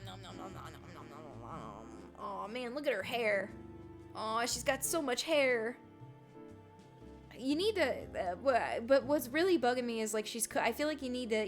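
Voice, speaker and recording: A woman streaming a game, chatting casually in a playful, rambling, giggly way. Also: a little high.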